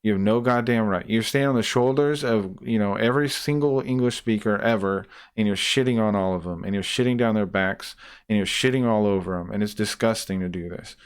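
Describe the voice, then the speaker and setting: Smooth-voiced man in a profane rant. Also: lowish voice, a little fast. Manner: profane, exasperated ranting; repeats and restarts while worked up. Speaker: streamer reacting to a debate clip. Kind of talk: heated reaction commentary.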